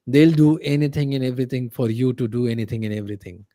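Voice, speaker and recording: A man tells a heartfelt personal story as a podcast guest, pausing often on fillers and restarting his sentences. His voice sits at a middle pitch. The recording is dry and close to the mic. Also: warm tone, no room sound. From India. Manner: halting, many fillers and restarts.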